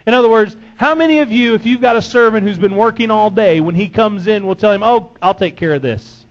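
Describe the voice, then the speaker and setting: High-pitched guy preaching a sermon, punchy and emphatic, kinda muffled lo-fi sound. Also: fairly quick. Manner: emphatic, rising into voiced complaints and scripture reading.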